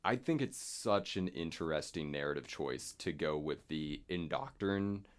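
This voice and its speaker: A man's voice: a bass voice, measured pace. A man co-hosting a podcast in casual chat, enthusiastic, swearing freely and laughing often. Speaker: podcast co-host.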